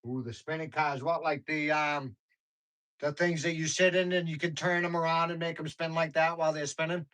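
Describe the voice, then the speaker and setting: Guy on a livestream, kinda high bright voice, just rambling and laughing, slangy. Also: fairly even intonation, normal speed, low-quality recording. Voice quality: informal slangy speech. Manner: rambling, storytelling, laughs often. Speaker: livestream host. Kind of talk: casual chat with viewers.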